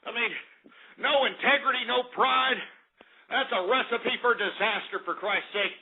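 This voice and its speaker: A man hosting a call-in radio show, ranting bombastically and cursing, swinging from shouting fits to muttering. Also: extremely high pitch, unhurried. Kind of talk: over-the-top ranting talk radio. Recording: tinny phone-quality audio.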